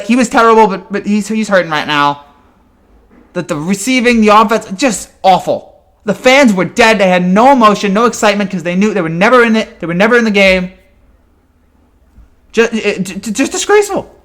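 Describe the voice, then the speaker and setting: A man's voice: sits high, fairly bright tone. A man in a fan reaction rant, exasperated and ranting with frequent stammered restarts. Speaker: sports fan commentator.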